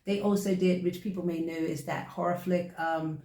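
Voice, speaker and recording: A woman's voice: lowish voice, fairly even intonation, vocal fry, warm tone. A woman with a Bermudian accent, co-hosting a casual chat and talking in a rambling, chatty way. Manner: chatty, rambling, quick to laugh. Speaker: podcast co-host and actress. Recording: echoey room.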